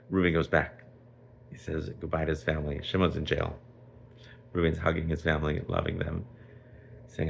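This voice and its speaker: A man, a rabbi, telling a children's story in a lively, chatty way with Yiddish and Hebrew words. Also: very deep voice, a little fast, gravelly, slight background noise.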